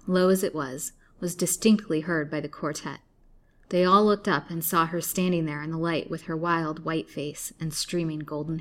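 A woman with a lowish voice reads an old-fashioned story aloud as a narrator. Her delivery is steady but expressive, lifting for the dramatic beats. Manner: expressive, rising for dramatic moments. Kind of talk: scripted storybook reading.

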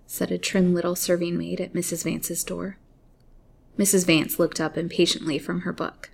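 Woman reading a story aloud, low voice with some fry, steady pace. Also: normal speed. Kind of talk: reading a serialized novel aloud.

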